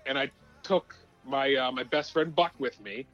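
A man telling a personal story on a sports podcast, animated but halting, with many uhs and restarts. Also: medium pitch, muffled recording, soft background music. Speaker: regular guest co-host. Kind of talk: casual storytelling.

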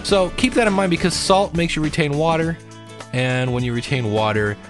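A man's voice: a little high, normal speed, soft background music. A middle-aged man chatting casually in a personal vlog, rambling with restarts and cheering himself and his viewers on to keep losing weight. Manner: chatty, self-deprecating, pep-talk tone. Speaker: weight-loss vlogger.

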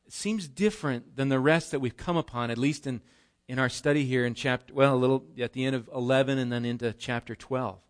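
Man, pastor, explanatory sermon, rhetorical questions, mid pitch. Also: a little fast. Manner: conversational, explanatory preaching with restarts and rhetorical questions. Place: church.

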